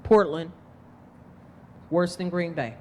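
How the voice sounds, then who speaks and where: Woman candidate, slow and emphatic, impassioned speech in a reverberant hall. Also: fairly low pitch, warm tone, a little hiss or hum. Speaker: political candidate. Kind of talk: campaign speech. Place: event hall.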